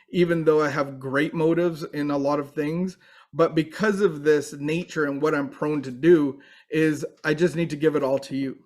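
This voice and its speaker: Man, earnest recovery speaker, faith-based talk, slightly higher voice. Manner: earnest, with frequent restarts.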